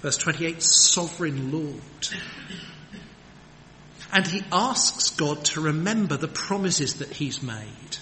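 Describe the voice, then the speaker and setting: A man's voice: fairly high pitch, expressive, measured pace, hardly any pauses, sharp tone. A man preaching a sermon in an earnest, emphatic manner, with rhetorical questions. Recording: long hall reverb, faint background noise.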